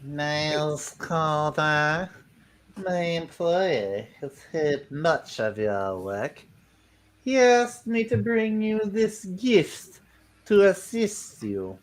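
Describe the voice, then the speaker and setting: A man doing a slow, formal, ominous envoy. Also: high-pitched, big pitch swings, vocal fry, a bit bright, heavily acted.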